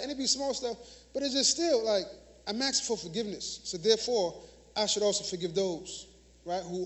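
A man's voice: very high voice, fairly bright tone. A man preaching a sermon in a church, conversational, leading call-and-response with frequent "y'all" and "right?" and laughing often. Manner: call-and-response preaching, asks congregation to repeat words. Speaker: minister. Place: church sanctuary.

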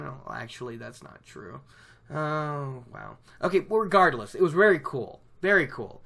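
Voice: mid-range voice, lively intonation, moderate pace, vocal fry, a bit bright. A speaker casually recapping a book chapter from home, chatty and rambling, often correcting themselves mid-sentence. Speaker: book reader discussing a chapter. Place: at home by a laptop.

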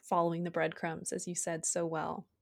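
A woman's voice: lowish voice, monotone, normal speed, gravelly. A woman hosting an interview, who sums up and thanks her guest in an appreciative, affirming way. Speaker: host. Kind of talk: casual interview.

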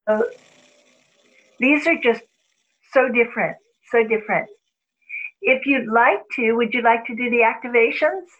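A woman speaking as a spiritual teacher, calmly guiding breathing and a mantra meditation. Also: a little high, highs cut off. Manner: slow, calm, guiding.

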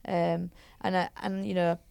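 A woman talking casually as a guest, full of fillers and restarts. Her mid-pitched voice has a gravelly edge. The sound is close and dry. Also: level tone, measured pace, a little mellow, no room sound. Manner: chatty storyteller, frequent fillers and restarts. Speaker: head coach, podcast guest. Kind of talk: casual interview chat.

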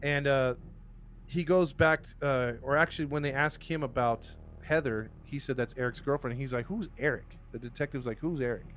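Guy telling a murder case casually, acts out the cops, stumbles and restarts, soft music behind. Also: mid-range voice, fairly even intonation, a little fast. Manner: acts out quotes with rambling restarts and fillers. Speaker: podcast host retelling a crime case. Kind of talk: casual storytelling chat.

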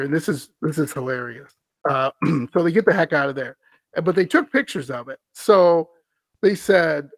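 A man's voice: fairly high pitch, creaky, fairly bright tone, dry recording. A man hosting a podcast, reading a scary story aloud and breaking off for wry, amused asides. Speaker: podcast host.

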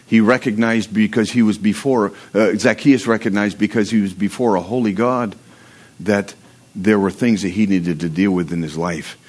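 A pastor with a lowish, slightly mellow voice, fairly even intonation, and normal speed leads a livestreamed sermon. He begins by reading scripture aloud, then preaches to the congregation in a chatty, humorous manner, including prayer.

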